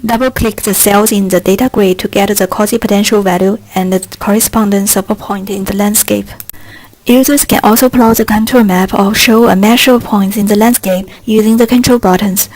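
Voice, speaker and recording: A woman giving a scripted, step-by-step narration for a software tutorial, in a steady, instructional manner. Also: mid-range voice, normal speed, poor audio.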